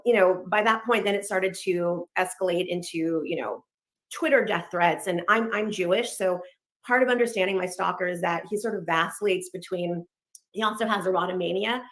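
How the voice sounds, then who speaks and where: A woman in her thirties from Los Angeles, telling her personal story quickly and candidly, acting out bits of dialogue along the way. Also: medium pitch. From Los Angeles, United States. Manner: fast, candid, animated retelling with quoted dialogue.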